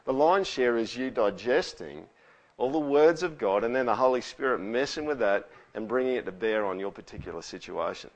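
Aussie pastor preaching, chatty, keeps asking the room "all right?". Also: male voice, mid-range voice, lively intonation, moderate pace, dull audio. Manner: conversational, with frequent rhetorical tags. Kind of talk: sermon.

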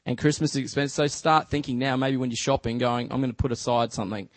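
An Australian man giving a church talk as a relaxed, chatty story, full of fillers like "just" and "you know". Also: mid-range voice, fast talker, no room sound. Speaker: church speaker. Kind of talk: casual storytelling sermon.

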